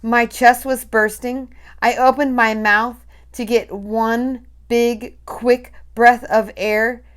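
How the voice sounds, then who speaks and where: A woman reading a storybook aloud, with slow, dramatic, breathless storytelling. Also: a little high, flat delivery. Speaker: reader.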